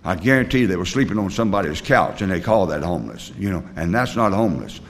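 Older man, low voice, rambling story. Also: lively intonation, quick pace, slight background noise. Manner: rambling storytelling with many fillers and restarts; plain, blunt working-class talk. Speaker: recovery meeting speaker. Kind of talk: personal recovery story, told to a group.

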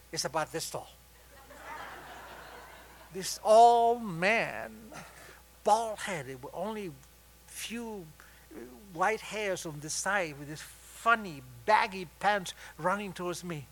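Wry, bright-voiced older man telling his story. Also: a little high. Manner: wry, self-mocking humor turning tender and soft. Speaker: speaker sharing his story at a recovery meeting. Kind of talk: personal storytelling testimony.

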